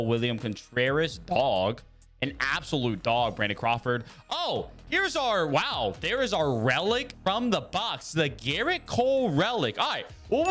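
A man's voice swings high and low as he loudly reacts to each card pull and play, chatting straight to his viewers. His pitch sits a little high for a man, and faint music plays underneath. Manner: excitable, reacts loudly to pack pulls and plays. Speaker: gaming YouTuber. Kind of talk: gameplay commentary with voice-over narration.

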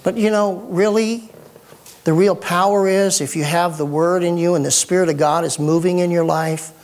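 A middle-aged man preaching a sermon as pastor, folksy and animated with joking asides. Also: sits high, moderate pace.

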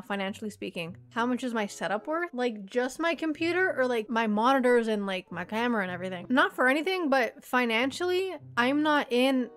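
A Canadian YouTuber in her twenties answers viewer questions bluntly, swearing a lot and cracking jokes. Her voice is on the high side with a fairly bright tone.

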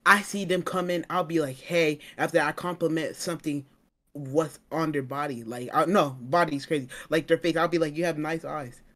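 Young guy, hesitant and stumbling, slightly high voice, headset mic. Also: a little fast, fairly bright tone. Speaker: guest being coached. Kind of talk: casual stream chat. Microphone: gaming headset.

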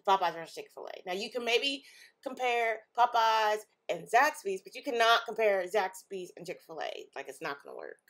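A young woman vlogger casually reacting to online posts, talking in an animated way and often breaking into laughs and exclamations. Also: medium pitch, moderate pace.

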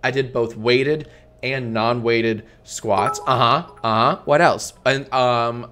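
A young man streaming live in loose comedic banter, his voice sitting at an ordinary middle pitch. He swears nonstop and talks with playful mock bravado, sometimes loudly booing to heckle. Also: fairly even intonation, takes it slowly, slight background noise. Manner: loud heckling boos.

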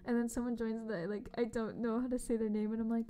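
A young woman streaming a game, chatting casually and bubbly with her viewers, often dropping to a soft whisper. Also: fairly high pitch, flat delivery, fast. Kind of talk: casual livestream chat. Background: faint background music.

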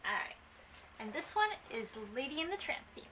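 A young woman hosting her channel, reading a storybook aloud in a gentle, friendly way. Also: high-pitched, very animated, moderate pace, distant mic, slight background noise, low-quality recording. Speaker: channel host, story reader.

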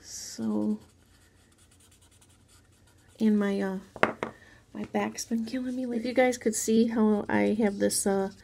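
A woman casually talking viewers through a drawing tutorial, chatty and softly spoken, with rambling asides. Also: mid-range voice, steady tone, slow pace, vocal fry, pauses often, a little hiss or hum. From Mexican background.

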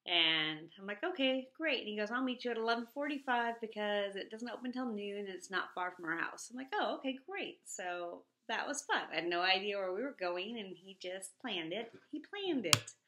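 Woman, middle-aged, casual chat, bright tone, roomy echo. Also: a little fast, few pauses. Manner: chatty and animated, acting out quotes in a high voice. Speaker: vlogger. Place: home.

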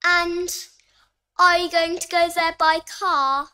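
Woman as a curious girl, very high voice, bright tone, slow careful lines, textbook dialogue played back from afar. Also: steady tone, heavily acted.

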